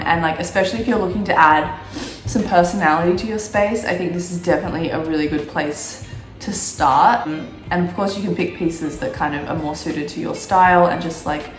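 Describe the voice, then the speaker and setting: A woman from Australia, croaky from a cold, chatting casually to camera as a vlogger with lots of fillers. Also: fairly low pitch, echoey room. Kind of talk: casual chat.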